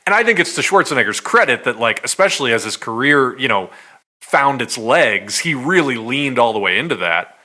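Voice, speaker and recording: A man co-hosting a podcast, arguing his points in lively casual chat. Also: mid-range voice, a little fast. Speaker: podcast co-host.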